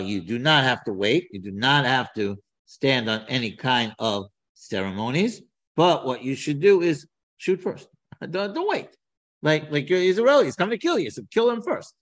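A man teaching a scripture class, talking in an animated way with many repeats and restarts. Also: mid-range voice, normal speed, rough recording. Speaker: Torah teacher.

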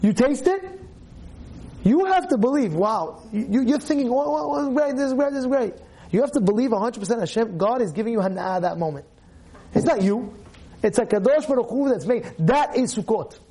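A man, a rabbi, giving a Torah class, animated, firing rhetorical questions and repeating phrases for emphasis. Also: very high voice, a little fast, husky.

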